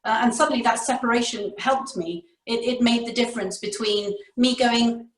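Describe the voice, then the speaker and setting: A woman's voice: fairly high pitch, steady tone, moderate pace, hardly any pauses. A woman with a British RP accent, an audiobook narrator speaking in a reflective, wry way as a guest on a casual panel chat over a video call. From Britain. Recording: roomy, distant mic.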